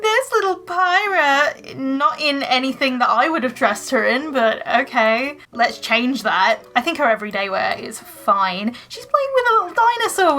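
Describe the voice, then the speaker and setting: A woman's voice: on the high side, a bit bright. A young woman giving chatty, emotional commentary over gameplay, gasping and exclaiming as she plays. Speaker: Sims let's play creator.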